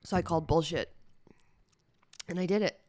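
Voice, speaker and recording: Female podcast host, lowish voice, candid and chatty, close dry sound. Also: moderate pace, a little mellow, no room sound. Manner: candid, emotional, chatty with fillers. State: teary-eyed. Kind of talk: personal solo podcast talk.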